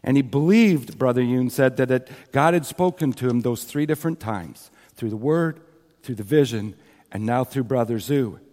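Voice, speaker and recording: A man's voice: mid-range voice, normal speed, warm tone. A man preaching a sermon, earnestly retelling a story with quoted scripture and asides to the congregation. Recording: long hall reverb.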